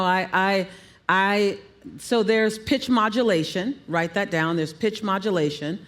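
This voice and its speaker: A woman coaching on public speaking, emphatic and animated, telling listeners what to write down. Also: mid-range voice. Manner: emphatic, animated, gives instructions.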